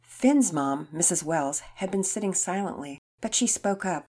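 A woman narrating a children's story, her low-set voice swinging widely in pitch as she reads with lively expression. She keeps a steady, engaged storyteller's flow. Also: moderate pace, hardly any pauses, husky. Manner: animated, expressive reading.

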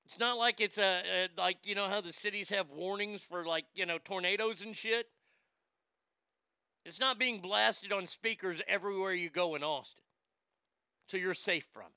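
A man's voice: sits high, moderate pace, sharp tone, smooth, no room sound, studio quality. A man hosting a sports show, delivering a profane, ranting monologue and stammering over repeated words.

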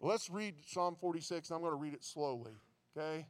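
A man's voice: on the high side, fairly quick. A man preaching a sermon who stumbles and repeats words, building into fervent preaching.

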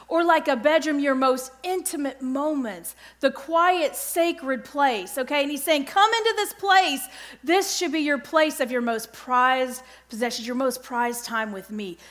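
A middle-aged woman giving an earnest devotional Bible teaching, often pausing to check in with her listeners. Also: high-pitched, a bit bright. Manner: earnest, keeps checking in with "okay?".

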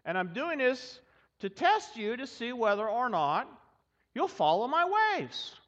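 A man voicing a calm, patient male deity who hands out kind instructions in an easygoing, matter-of-fact way. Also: very high voice, a little slow, voice pushed up, full character voice. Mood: reassuring. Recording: dull sound with long hall reverb.

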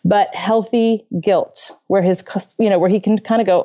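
Speaking at a moderate pace in a mellow, mid-range voice, a middle-aged woman tells a home story for a parenting podcast from her bedroom. She's earnest and conversational, often laughing and acting out what people said. The recording's highs are cut off.

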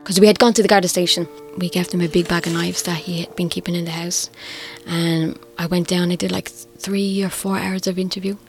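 A middle-aged Irish woman telling her own story, candid and reflective, quietly emotional. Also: on the low side, little pitch movement, brisk. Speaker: interviewee. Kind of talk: personal testimony. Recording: faint music underneath.

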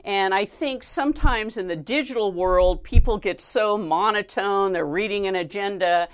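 A woman's voice: mid-range voice, moderate pace, clear, resonant tone. A woman hosting an interview who asks long, thoughtful questions. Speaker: interview host. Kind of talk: conversational interview.

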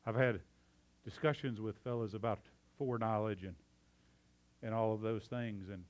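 A man preaching a sermon, excitable and out of breath, swinging from loud fervor to hushed emphasis. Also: lowish voice, moderate pace. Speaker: pastor.

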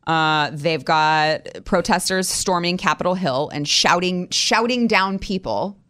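A woman's voice: on the low side, unhurried, clean tone. A woman co-hosting a talk radio show, chatting casually and teasing her co-host. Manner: lively, laughing, teasing.

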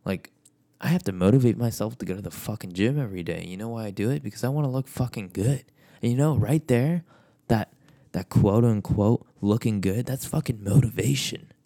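A man with a low, gravelly voice delivers a blunt motivational rant. He swears in nearly every sentence and circles back over the same points. His tone is dark and mellow rather than bright. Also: brisk. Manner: blunt, swears constantly, repetitive.

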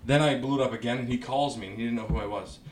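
A man's voice: mid-range voice, rapid-fire, reverberant. A man, a stand-up comedian chatting casually on a podcast and laughing through his punchlines.

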